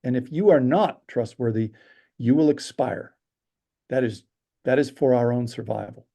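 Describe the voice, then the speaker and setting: A man telling stories as a podcast interview guest, animated and acting out the people he quotes. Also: mid-range voice, normal speed, vocal fry. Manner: animated storyteller, acts out quotes. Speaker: storyteller guest. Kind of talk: casual interview chat.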